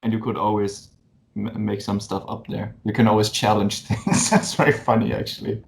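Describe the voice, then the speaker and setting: A man in his twenties with a German accent, a musician guest in a casual interview, relaxed and joking with soft chuckles. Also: lowish voice, normal speed, creaky, slight background noise. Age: 20s.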